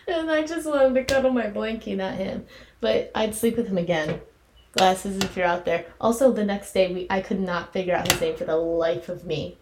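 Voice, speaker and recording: A woman's voice: mid-range voice, normal speed. A young woman co-hosting a chatty podcast, rambling through her story with constant "like"s and restarts. Her voice sits in a middling range and rings around an echoey room, with a faint hiss underneath. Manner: rambling storyteller, heavy filler "like". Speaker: podcast co-host. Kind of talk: casual chat.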